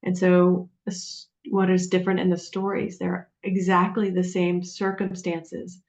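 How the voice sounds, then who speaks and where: A woman coach telling client stories on a webinar, animated and acting out the voices of the people she quotes. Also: lowish voice, unhurried. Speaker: guest coach. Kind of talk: storytelling on a webinar. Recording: dull, lo-fi webinar audio.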